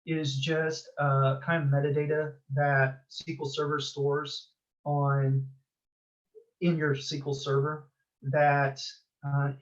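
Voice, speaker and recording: A man presenting a technical talk at a user group meeting, talking in a halting way with many filler sounds. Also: on the high side, little pitch movement, highs cut off.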